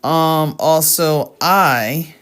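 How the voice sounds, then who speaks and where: A woman's voice: sits low, extremely slow, faint music behind. A woman tutoring math live in a casual, chatty way. She sounds tired and fills her talk with ums and small laughs. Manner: chatty and relaxed, with frequent fillers and laughs.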